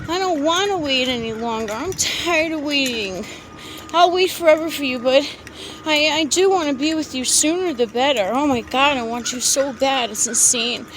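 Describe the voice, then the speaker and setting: A woman walking outdoors through a city park, talking into her phone in a rambling, breathy, gushing way full of swearing and exclamations. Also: high-pitched, normal speed, fairly bright tone. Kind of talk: rambling confessional monologue to an absent lover. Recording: outdoor street noise and traffic. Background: street ambience with passing vehicles.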